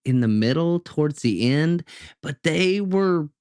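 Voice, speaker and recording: A man hosting a podcast, chatting casually with an excitable manner. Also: a little high, a little slow, no echo, studio quality. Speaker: podcast host. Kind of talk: casual chat.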